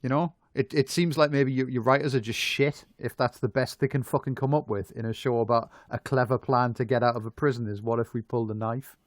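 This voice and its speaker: A man's voice: medium pitch, steady tone, a little fast, hardly any pauses. A man on a podcast, going off on sweary, complaining tangents. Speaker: podcast co-host. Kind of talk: casual podcast chat.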